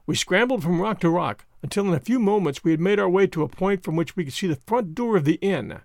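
A man reading a story aloud in an expressive, dramatic way. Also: high voice, quick pace, creaky, no echo, studio quality. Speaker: narrator.

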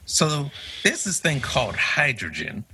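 A man's voice: mid-range voice, unhurried, background noise. A man co-hosting a casual chat, telling stories with a laugh and acting out what others said. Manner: animated, laughing storyteller who acts out quoted voices. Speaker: podcast co-host.

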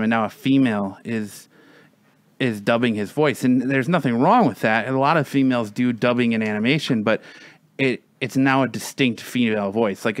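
A man's voice: mid-range voice, dry recording. A man chatting casually, rambling with many restarts, fillers and some swearing. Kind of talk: casual chat.

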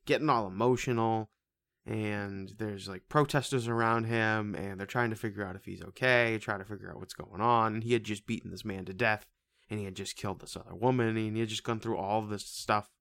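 A man's voice: fairly low pitch, fairly even intonation, fairly quick, vocal fry, a bit bright, no echo. Rambling man in casual movie chat. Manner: rambling, restarts and stammers. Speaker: podcast co-host.

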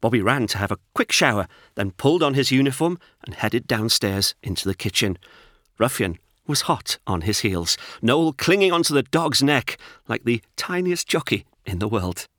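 A man narrates a children's storybook with an expressive, animated read. His voice rises and falls freely and sounds bright and forward, recorded close and dry. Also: mid-range voice, normal speed, no echo. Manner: expressive, lively reading.

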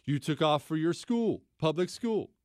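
Male radio host, high voice, wildly lively pitch, sarcastic, mocking repetition, dry close sound. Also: a little slow, no echo. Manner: animated, swings into incredulous high outbursts. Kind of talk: political talk radio monologue.

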